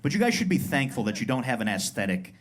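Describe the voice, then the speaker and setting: Animated man doing stand-up in a club. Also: medium pitch, fast talker, a little hiss or hum. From Pueblo, Colorado. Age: 30s. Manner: animated, self-mocking, acts out brash tough-guy voices. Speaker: stand-up comedian. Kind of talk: stand-up comedy set. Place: comedy club stage.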